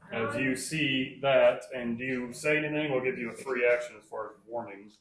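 A man running a tabletop game as dungeon master for his friends, narrating calmly. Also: mid-range voice, moderate pace, a crowd in the background. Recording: echoey room, faint noise.

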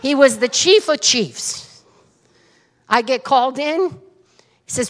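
A woman pastor preaches in an animated storytelling style, with her voice swooping high and low and sitting somewhat high. She speaks straight to the congregation, and long reverb from a big hall trails after every phrase. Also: slow pace. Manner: animated, dramatic, addresses the congregation directly. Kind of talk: sermon storytelling.

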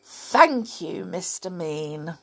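A woman voicing a timid, gentle little storybook man with a soft, hesitant manner. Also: sits low, big pitch swings, drawn-out words, husky, heavily acted. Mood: grateful.

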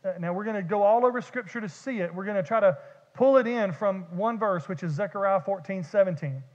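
A man's voice: high-pitched, fairly quick, a little mellow. A man preaching a sermon as pastor, talking in a conversational way that often repeats and restarts words. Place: church sanctuary. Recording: dull lo-fi church recording with long reverb.

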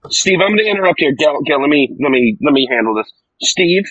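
A man's voice: fairly high pitch, lively intonation, brisk, fairly bright tone, dull audio, slight background noise. Rambling joking man at the game table. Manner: rambling, joking, self-correcting. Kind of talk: casual actual-play chat.

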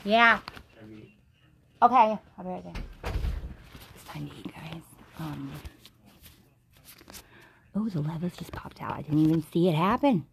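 Low gravelly tipsy woman. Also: measured pace, long pauses, slight background noise. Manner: rambling, profane, deadpan jokey. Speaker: host. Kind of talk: comedic tarot reading stream.

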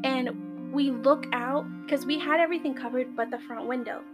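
A woman, a guest, telling a true scary story in casual, slangy talk, excitable and now and then swearing or dropping into Spanish. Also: sits high, moderate pace, over music.

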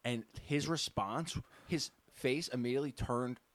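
A man's voice: medium pitch, measured pace, no room sound. A man in casual chat, retelling an event with emphasis and defending himself.

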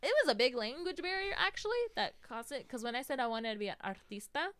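Young american woman, casual podcast chat, smooth voice, dry close mic, keeps saying like and you know. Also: sits high, sing-song, fast, fairly bright tone, no room sound. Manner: chatty storyteller, lots of "like" and "you know"; acts out quotes in a raised voice. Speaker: podcast co-host.

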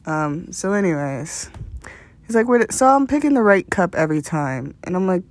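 A woman's voice: on the low side, big pitch swings, moderate pace, dry recording. A young woman hosting a podcast, telling a rambling story in a casual, profane way and laughing often. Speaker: podcast host.

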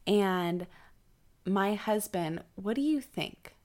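A woman's voice: medium pitch, takes it slowly. A young woman co-hosting a podcast, telling stories in casual chat and animatedly acting out the people in them. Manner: animated storyteller, acts out quoted people. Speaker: podcast co-host.

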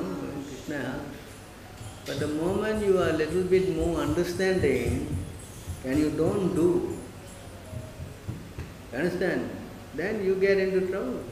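A man's voice: on the high side, background noise. A man giving a devotional class, emphatic and full of rhetorical questions, checking often that listeners understand. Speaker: spiritual teacher. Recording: echoey hall.

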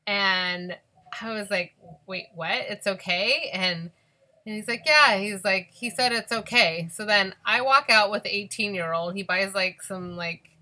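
A young woman telling a story in casual conversation, animated and acting out the voices of the people she quotes. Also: mid-range voice, a little slow.

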